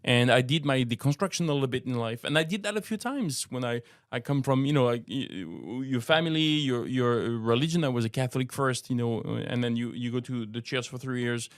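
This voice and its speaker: A middle-aged man with a French accent talks earnestly on a podcast, stopping to repeat words as he finds his phrasing. His voice sits at an ordinary pitch in a dry, close room. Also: a little fast, hardly any pauses, no echo. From France. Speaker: co-host, apologetics teacher. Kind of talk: casual podcast discussion.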